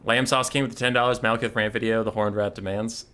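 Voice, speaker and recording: A man's voice: fairly low pitch, steady tone, quick pace, pushed and bright. A man hosting a live game stream, chatting casually, answering chat and going off on laughing, swearing rants. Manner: reads chat aloud and answers it.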